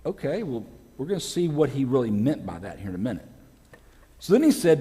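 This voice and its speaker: A man, a pastor, preaching a lively sermon in a church sanctuary and acting out the voices of people he quotes. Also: fairly high pitch, a little fast. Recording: long hall reverb.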